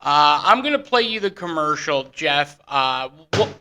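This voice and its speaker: Bright-voiced excitable male radio host. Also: on the high side, unhurried. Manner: excitable, rambling with restarts. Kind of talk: casual radio banter.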